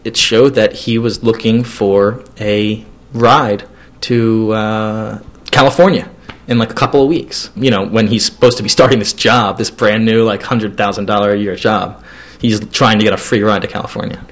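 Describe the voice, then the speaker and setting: A man's voice: fairly low pitch, fairly even intonation, normal speed. A man telling a personal story in a loose, casual way, with many fillers and restarts.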